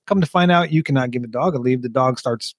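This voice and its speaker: A man's voice: medium pitch, fast talker, no room sound, clean studio sound. A man co-hosting a podcast in casual chat, an easygoing storyteller who laughs often. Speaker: podcast co-host.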